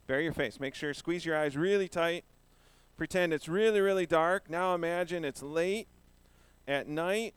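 A man's voice: on the high side, normal speed, clear, resonant tone, no room sound. A man giving a children's sermon, playful and asking the children questions as he talks. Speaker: pastor giving a children's message.

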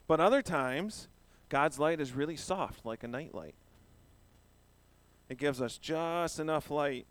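A man giving a children's sermon, playful and asking the children questions as he talks. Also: mid-range voice. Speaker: pastor giving a children's message.

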